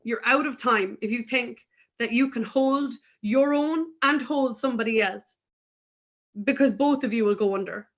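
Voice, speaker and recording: A woman with a somewhat high voice talks as a guest in a spiritual conversation. She is earnest and emphatic, and frank about her own struggles. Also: moderate pace.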